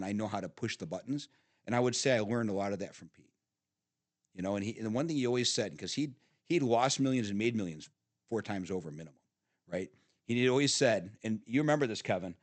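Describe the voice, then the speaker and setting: Middle-aged man, podcast guest, salty animated storyteller, dry close studio sound. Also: on the low side, no echo. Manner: animated storyteller, swearing, frequent laughs and restarts. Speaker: podcast guest, father of the host. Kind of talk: casual storytelling chat.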